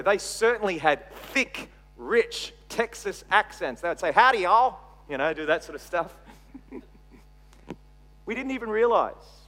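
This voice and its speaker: A middle-aged Australian man preaching a sermon, swinging between loud emphasis and quiet asides. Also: on the high side. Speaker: pastor. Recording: long reverb from a large hall.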